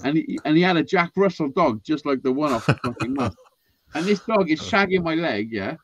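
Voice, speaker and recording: A man's voice: a little high, a little fast, a little hiss or hum. A man telling wild stories in a casual group chat, swearing a lot and acting out what people said. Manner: animated, swearing, acts out quotes.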